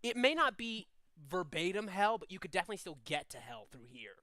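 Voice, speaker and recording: Loose, chatty game master narrating. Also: male voice, high-pitched, very animated, a little fast, bright, forceful tone, no echo, studio quality. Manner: loose, filler-heavy narration.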